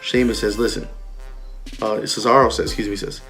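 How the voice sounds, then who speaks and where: A man's voice: on the low side, little pitch movement, a little fast, pauses often, a bit bright, faint music behind. A man hosting a podcast, casually recapping a wrestling show, full of ums and retold quotes. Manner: chatty, many ums, retells lines in quoted voices. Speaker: podcast host.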